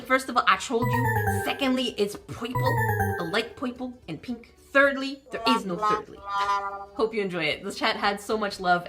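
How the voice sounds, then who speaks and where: A woman hosting a crafting vlog, narrating in a teasing, chatty way. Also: on the high side. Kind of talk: casual playful narration.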